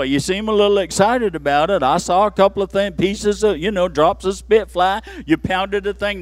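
Pastor, man, high voice, dry close sound; dynamic sermon delivery from murmurs to shouts. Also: dry recording. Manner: swings from low murmurs to shouted peaks, playful asides. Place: church.

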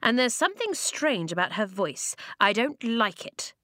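A woman's voice: on the high side, very animated, moderate pace, sharp tone, no room sound, clean studio sound, pitched above the performer's own voice. A woman voicing a scornful, suspicious girl who speaks in a sneering, dismissive way.

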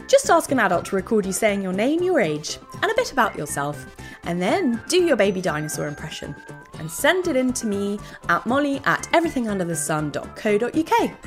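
Lively, enthusiastic woman hosting. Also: mid-range voice, fairly quick, soft background music. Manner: bright, enthusiastic storyteller addressing children. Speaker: host. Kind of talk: scripted children's podcast narration.

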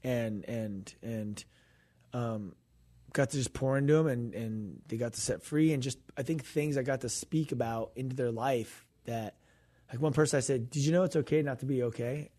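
A man's voice: mid-range voice, moderate pace, dark tone. A man co-hosting a faith podcast, telling a story in a casual chat and acting out the quoted dialogue. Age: adult, grown pastor's kid. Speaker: podcast co-host and minister.

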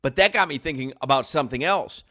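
A man hosting a casual sports talk show, playful and quick to laugh, repeating names for fun. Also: mid-range voice, pushed and bright. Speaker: sports radio host.

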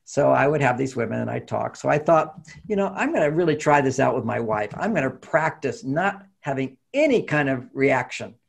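A middle-aged man, a therapist, telling a personal story in a lively way and acting out the lines of the people in it. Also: medium pitch, moderate pace, creaky, few pauses, slightly rough. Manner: animated storytelling, acting out quotes. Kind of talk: storytelling talk.

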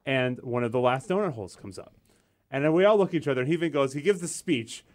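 A man's voice: mid-range voice, fast. A man co-hosting a casual podcast, telling stories with energy and acting out what others said. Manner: animated storytelling, acts out quotes. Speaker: podcast co-host. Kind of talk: casual chat.

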